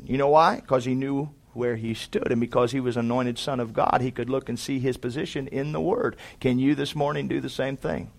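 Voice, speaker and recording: A man preaching a sermon, swinging from loud, fervent exhortation to quiet, conversational storytelling and calling to the congregation for amens. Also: mid-range voice, fairly even intonation, a little fast, creaky, few pauses.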